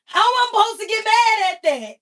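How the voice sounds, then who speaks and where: A woman with a high voice holds forth on her livestream in a loose, profane, animated rant. She sits a step away from the microphone, so her voice comes across slightly distant. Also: fairly quick. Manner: emphatic, heavily profane, animated storytelling. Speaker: livestream host. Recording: voice a bit far from the mic.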